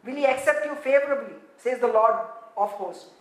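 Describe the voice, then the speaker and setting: A woman preaching a sermon in an animated way, building to shouts and laughing often as she reads and explains scripture. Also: fairly high pitch, fairly quick. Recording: roomy echo.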